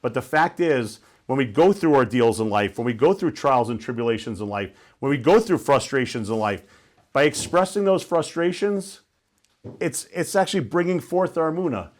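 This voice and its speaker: A man's voice: medium pitch, normal speed. Male guest speaker, casual storytelling talk, checks in with the audience. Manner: conversational, asks listeners questions.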